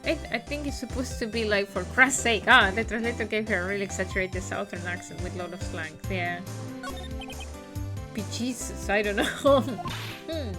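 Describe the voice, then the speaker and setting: A woman's voice: medium pitch, moderate pace. A woman streaming a game live, chatting and making amused asides to viewers over game music.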